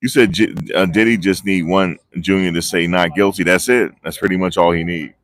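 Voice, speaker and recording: A man reports live from the street into a phone on a gimbal. His fairly low voice sounds close and dry. He rambles excitedly and keeps losing his train of thought. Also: brisk, dry recording. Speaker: vlogger reporting on a trial. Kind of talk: live casual street commentary. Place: outdoors outside a courthouse. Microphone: phone on a handheld gimbal.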